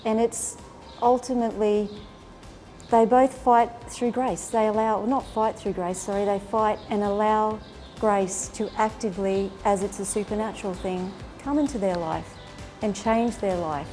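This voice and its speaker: A woman earnestly retelling a faith story and reflecting on its meaning, with an animated, heartfelt delivery. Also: mid-range voice, unhurried, soft background music. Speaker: faith speaker.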